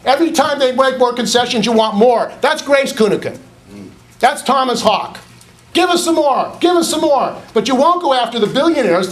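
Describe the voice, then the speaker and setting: A man's voice: extremely high pitch, fairly bright tone. Indignant man at a board meeting. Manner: indignant, accusatory, repeats phrases for emphasis. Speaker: public commenter. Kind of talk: public comment speech at a board meeting. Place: public meeting hall.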